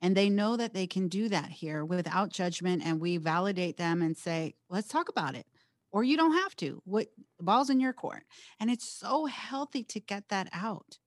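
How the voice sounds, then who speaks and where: A woman hosting a podcast, speaking emphatically and encouragingly, with animated quoted speech in her stories. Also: medium pitch, normal speed, no room sound, studio quality. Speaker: podcast host. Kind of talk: candid podcast conversation.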